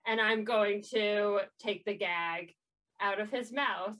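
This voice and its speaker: Slow, bright-voiced woman player. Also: medium pitch, rough recording. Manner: hesitant, halting, many ums. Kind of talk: playing a tabletop game.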